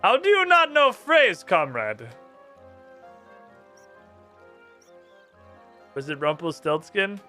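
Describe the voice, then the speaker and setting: A man voicing a secretive Soviet penguin spy who talks gruffly and calls people comrade, while playing a game. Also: sits high, huge pitch swings, moderate pace, bright, forceful tone, soft background music, exaggerated voice. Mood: suspicious. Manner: gruff, curt commands, calls everyone comrade.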